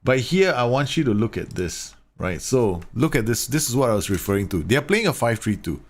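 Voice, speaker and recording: A man's voice: mid-range voice, very animated, fairly quick. A man giving casual, chatty commentary on football management game tactics, talking straight to his viewers and laughing at his own slips. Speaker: gaming YouTuber reviewing tactics.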